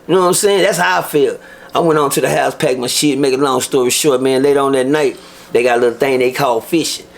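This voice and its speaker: A man with a Texan accent, telling stories as a guest in an interview with animated, profane delivery. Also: medium pitch, quick pace, vocal fry. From Texas. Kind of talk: storytelling interview.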